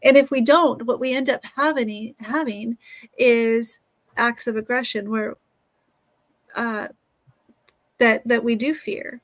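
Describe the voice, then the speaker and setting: A woman's voice: a little high, steady tone, takes it slowly, pauses often. Earnest woman telling a classroom story. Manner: earnest, reflective, with restarts. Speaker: guest, author and teacher.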